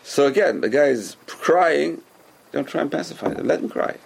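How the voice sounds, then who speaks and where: A man teaching a Torah class as a rabbi, animated and repetitive, who keeps asking rhetorical questions and answering them himself. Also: fairly high pitch, normal speed, gravelly, breathy edge.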